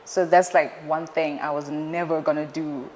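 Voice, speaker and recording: A young woman, a news anchor, chatting as an interview guest, playful and animated as she tells stories. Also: low voice, moderate pace. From Zimbabwe. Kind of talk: casual interview chat. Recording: reverberant room with faint noise.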